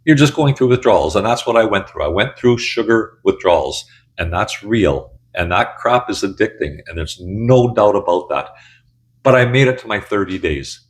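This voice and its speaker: A man's voice: fairly low pitch, animated, normal speed. A man in his sixties telling his own story to camera in a candid, blunt, conversational way. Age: 60s. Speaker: channel host. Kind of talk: casual personal storytelling.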